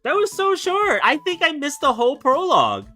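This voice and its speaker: A woman's voice: high-pitched, huge pitch swings, moderate pace, sharp tone, faint music behind. A woman streamer chatting casually while she draws, giggling often and rambling between thoughts. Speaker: streamer drawing illustrations. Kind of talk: casual chat.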